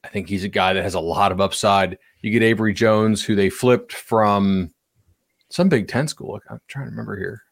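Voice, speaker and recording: A man's voice: fairly low pitch, normal speed, gravelly, no room sound, studio quality. A man co-hosting a sports podcast, talking in a loose, rambling way with restarts. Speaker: podcast co-host. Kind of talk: casual sports chat.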